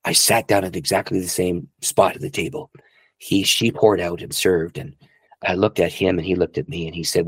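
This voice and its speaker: A man's voice: sits low, level tone, moderate pace, slightly rough, no echo. A middle-aged male pastor telling a personal testimony in an earnest, emotional way. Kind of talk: testimony storytelling.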